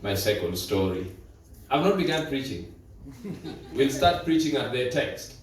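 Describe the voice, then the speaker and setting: A man's voice: mid-range voice, big pitch swings, a little slow, a little hiss or hum. A male preacher delivering a sermon in a church, telling stories dramatically and repeating words for emphasis. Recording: echoey church from far off.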